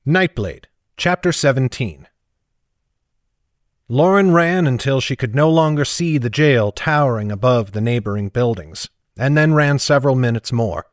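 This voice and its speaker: A man reading a fantasy novel aloud as audiobook narrator, in a steady, even storytelling manner. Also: mid-range voice, normal speed, no echo, studio quality. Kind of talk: scripted narration.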